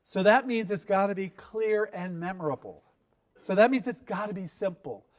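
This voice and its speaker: A middle-aged man with a notably high voice coaches founders in a live workshop. He talks in a lively way, quizzes the room and acts out quotes in his stories. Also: moderate pace. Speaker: investor giving pitch advice. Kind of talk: workshop talk to a live audience.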